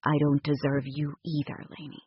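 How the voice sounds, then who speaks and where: A woman voicing a gruff, tender rancher man. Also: low voice, monotone, moderate pace, no room sound, lo-fi sound, pitched below the performer's own voice. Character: gruff protective male rancher, young adult.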